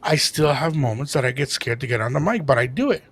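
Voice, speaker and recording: A man co-hosting a podcast, telling a story in a casual, animated way and dropping into Spanish now and then. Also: mid-range voice, quick pace. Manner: animated, jumps into impressions, code-switches into Spanish. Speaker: podcast co-host and DJ.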